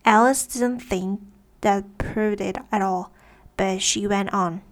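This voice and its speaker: A woman's voice: medium pitch, fairly even intonation, takes it slowly. A woman narrating a storybook in a careful read-aloud way. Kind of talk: storybook reading.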